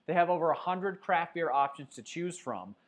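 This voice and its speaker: A man with a somewhat high voice hosts a loose sports stream, reading comments from his viewers. He talks casually and teases the chat, with lots of ums and uhs between points. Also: lively intonation, normal speed. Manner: chatty, teasing viewers, many fillers. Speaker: sports show host. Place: Denver.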